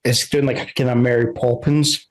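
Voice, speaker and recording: A man's voice: medium pitch, level tone, normal speed, low-quality recording. A man running a tabletop game as game master, narrating scenes in a rambling way and correcting himself often.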